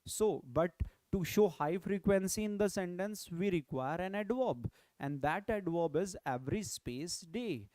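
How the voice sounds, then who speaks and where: A man's voice: high-pitched, animated, unhurried, a little mellow, no room sound. A man with an Indian English accent teaches vocabulary in an online lecture, often repeating key phrases and asking "right?" to check in. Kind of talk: online exam-prep lecture.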